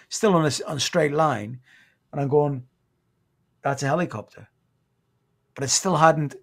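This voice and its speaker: British man, 50s, ex-Royal Marine guest, halting, sombre, occasionally choked up. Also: medium pitch, vocal fry. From Britain. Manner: halting, restarts often, sombre recounting. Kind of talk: podcast interview storytelling.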